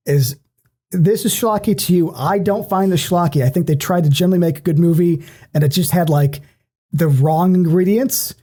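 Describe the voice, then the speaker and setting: A man co-hosting a podcast, chatting casually about movies in an animated way, swearing freely and restarting often. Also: high voice, moderate pace. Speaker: podcast co-host. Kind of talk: casual movie-discussion chat.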